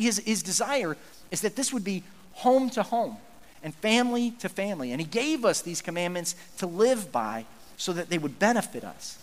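A man's voice: high-pitched, in a large hall. A male pastor giving an earnest, conversational sermon, often restarting his sentences.

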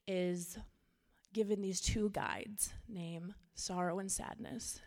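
An earnest woman youth pastor from Minnesota gives a sermon in a casual, storytelling way. Her voice sits at a middling pitch for a woman.

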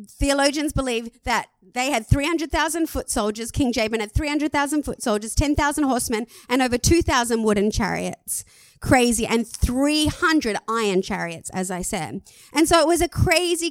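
An Australian woman pastor preaching a sermon in a lively, conversational way, laughing at herself now and then. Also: high-pitched, dry recording.

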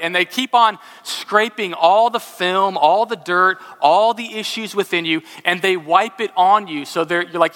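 A man preaching a sermon, telling a lively story and then dropping to a hushed, solemn tone for scripture. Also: sits high, normal speed, few pauses. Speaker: pastor. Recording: long hall reverb.

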